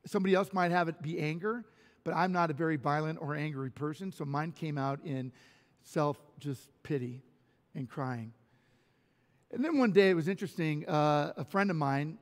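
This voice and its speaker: A man preaching a conversational sermon in a church, telling personal stories with lively restarts. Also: fairly high pitch. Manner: animated personal storytelling with restarts. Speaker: pastor. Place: church sanctuary. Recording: long reverb of a church hall.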